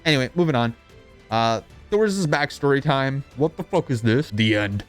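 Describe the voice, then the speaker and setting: A man's voice: mid-range voice, moderate pace, clear, resonant tone. A young man narrating a comedic anime recap in an irreverent, profane, sarcastic, rambling way. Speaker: video narrator. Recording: voice-over with background music.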